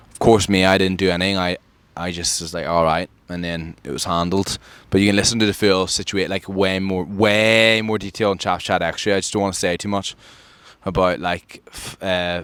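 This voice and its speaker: A man from Ireland tells a story on his podcast in a casual, animated way. He acts out what others said with sudden jumps in pitch. His voice sits fairly low, and the recording is close and dry with no room sound. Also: clean tone, no room sound. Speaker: podcast host.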